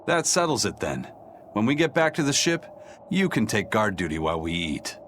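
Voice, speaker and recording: A gruff, stern fighter. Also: male voice, fairly low pitch, moderate pace, a little hiss or hum. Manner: gruff, calm, matter-of-fact. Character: stern, steady seasoned male fighter. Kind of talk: game voice acting.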